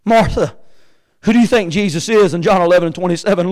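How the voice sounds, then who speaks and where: A man preaching a sermon, swinging between shouted peaks and quiet, hushed asides. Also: sits high, fast talker, poor audio. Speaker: pastor. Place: church sanctuary with congregation.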